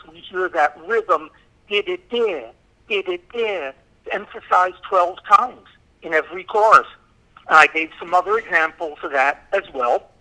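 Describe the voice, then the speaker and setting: A man recapping a songwriting lesson into a phone, animated like a teacher who keeps breaking into sung examples. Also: high-pitched, low-quality recording.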